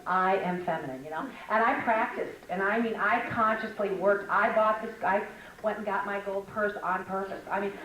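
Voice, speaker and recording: A middle-aged woman giving a lively spoken lecture at a Christian women's conference, telling stories and acting out what other people said. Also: medium pitch, normal speed. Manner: animated, storytelling, acts out quoted voices. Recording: echoey hall from a distance with background noise.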